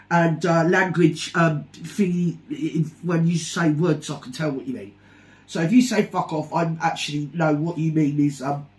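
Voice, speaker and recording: A woman hosting online commentary, ranting in a sarcastic, insulting, scathing way. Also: lowish voice. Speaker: commentary channel host.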